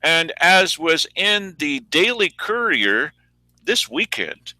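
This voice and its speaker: A man's voice: a little high, sing-song, slow pace, pushed and bright, dry recording, rough recording. A man co-hosting a local news show, commenting sarcastically on clips in casual talk and laughing often.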